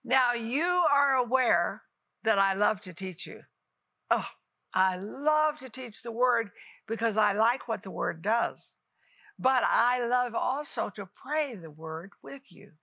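An elderly woman leads a televised ministry teaching and prayer in her eighties, speaking slowly and with a gravelly edge. Her voice is bright and forceful, recorded dry and close, and she exhorts fervently with sudden upward leaps in pitch. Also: expressive, dry recording. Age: 80s.

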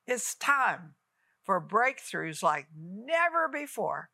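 A woman in her eighties, a TV minister, teaching and praying with fervent, exhorting delivery and sudden rises in pitch. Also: animated, slow pace, vocal fry, bright, forceful tone, no room sound. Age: 80s. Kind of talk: televised ministry teaching and prayer.

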